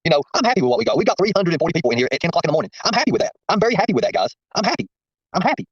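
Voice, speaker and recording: A man talks at a rapid clip in a folksy, sermon-like way, circling back to repeat his points. His voice is a little husky. The stream audio is dry, muffled and lo-fi. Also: sits high, big pitch swings, no echo. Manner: folksy, preachy, repeats himself. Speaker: livestream host. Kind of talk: casual livestream chat.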